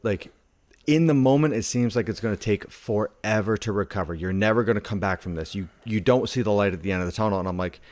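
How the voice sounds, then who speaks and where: Low-voiced man telling stories casually. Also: quick pace, a little mellow. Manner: rambling storyteller, heavy on "like". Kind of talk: casual conversation.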